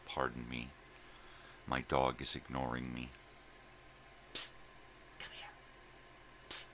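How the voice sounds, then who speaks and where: A man's voice: rumbling low, monotone, slow pace, long pauses, fairly bright tone, slight background noise. An older man in a casual morning vlog at home, talking fondly to his dogs in baby talk and tossing in simple Spanish words. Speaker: vlogger.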